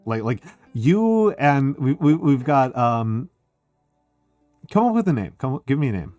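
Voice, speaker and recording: A man chatting casually on a stream, excitable and swearing, full of filler words. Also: medium pitch, measured pace, soft background music. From United States. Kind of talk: casual chat.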